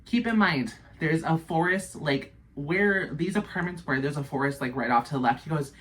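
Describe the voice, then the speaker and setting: A woman vlogger telling a story to her viewers, animated and breathless, swearing constantly. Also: sits low, normal speed. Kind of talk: casual storytelling to camera.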